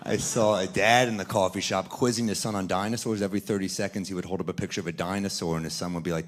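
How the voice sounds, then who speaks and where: A man performing stand-up comedy on a club stage into a handheld mic, with a dry, deadpan delivery. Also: low voice, fast, few pauses, a little hiss or hum. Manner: deadpan, dry delivery, talking back to a heckler. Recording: live club recording, laughing crowd.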